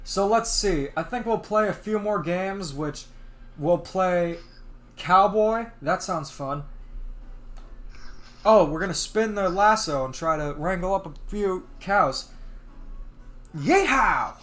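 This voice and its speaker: High-voiced chatty male streamer. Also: slow pace, fairly bright tone. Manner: chatty, laughing, easygoing. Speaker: gaming livestream host. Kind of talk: casual game commentary.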